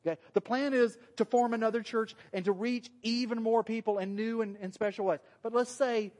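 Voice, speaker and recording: A man with a Southern US accent preaching a sermon to a church group in a relaxed, conversational, joking way. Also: very high voice, brisk, long reverb tail. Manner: joking, conversational, self-deprecating. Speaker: pastor. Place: church meeting room.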